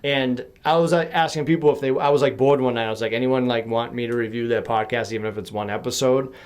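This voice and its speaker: A man's voice: mid-range voice, fairly even intonation, fast talker, clean tone. A young man, a podcast host on as a guest, chatting casually and self-deprecatingly with lots of "like" and frequent laughs, over a home mic on a remote call. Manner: rambling, filler-heavy, self-deprecating, laughs often. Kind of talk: casual chat.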